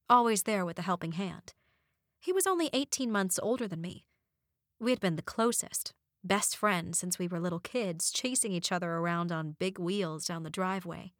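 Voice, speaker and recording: A woman's voice: fairly low pitch, fairly bright tone, dry recording. Woman narrating a novel in a dry voice. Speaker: audiobook narrator. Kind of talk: first-person novel narration.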